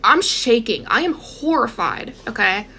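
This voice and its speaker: Fields: woman, gravelly, animated storyteller. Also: fairly high pitch, measured pace. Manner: animated, addresses viewers directly, acts out quotes. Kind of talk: casual personal storytelling.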